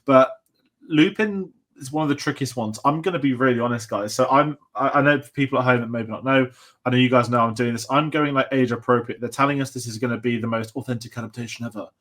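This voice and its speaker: A man co-hosting a casual film podcast, excitable and rambling, swearing casually. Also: mid-range voice, quick pace. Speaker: podcast co-host.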